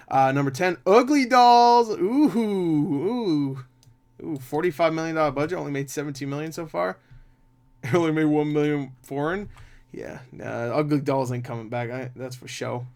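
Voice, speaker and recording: A man's voice: medium pitch, fairly even intonation, brisk, vocal fry. A man chatting casually about box office numbers as a movie reviewer, swearing freely and laughing often.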